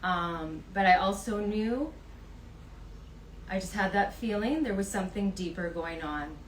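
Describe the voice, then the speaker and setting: A woman hosts a casual live wellness interview, speaking slowly and gently with frequent ums. Her voice sits back from the mic in a reverberant room, with faint noise behind her. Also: mid-range voice. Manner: gentle, unhurried, many ums. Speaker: host. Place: in Vancouver. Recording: echoey room, voice from a distance.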